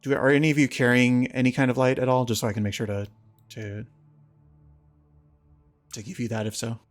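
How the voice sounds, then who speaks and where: A man running a tabletop game as game master, narrating in a relaxed, halting way with many fillers. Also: medium pitch, soft background music.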